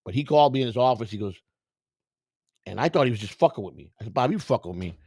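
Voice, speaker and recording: Gravelly man telling profane stories. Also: medium pitch, fast, no room sound. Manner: profane, animated, acts out quotes. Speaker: storyteller, former clubhouse worker. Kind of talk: casual storytelling.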